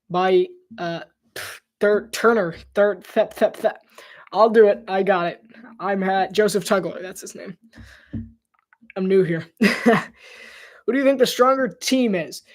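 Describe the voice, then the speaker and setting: With a high voice and a measured pace, pausing often, a man calls a basketball game alone as an amateur play-by-play commentator. His pitch shoots up during exciting plays, and he stumbles over players' names at times.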